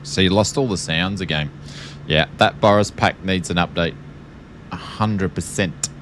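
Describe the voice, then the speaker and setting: Low-voiced Australian man chatting on stream. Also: a little slow, a bit bright, a little hiss or hum. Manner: chatty, laughs often, lots of ums. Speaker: flight sim streamer. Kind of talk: casual live-stream chat.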